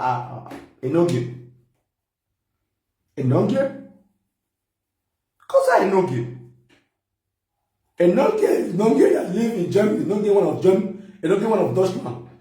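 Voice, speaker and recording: Nigerian male comedian, high voice, mocking and teasing with frequent laughter, recorded off-mic in an echoey room. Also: dark tone, distant mic. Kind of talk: comic mock phone call.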